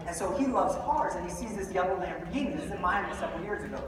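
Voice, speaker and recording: Man, motivational speaker, lively comic storyteller, heard from afar in a big echoing hall with an audience. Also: high-pitched, rapid-fire. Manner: humorous animated storytelling. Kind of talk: live motivational talk. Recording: echoey hall mic from far off with crowd.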